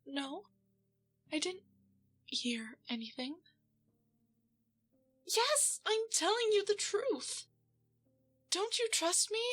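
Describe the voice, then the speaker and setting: A woman playing a high, bright-voiced frightened captive. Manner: whispery, breathless and stammering. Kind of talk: audio drama role-play.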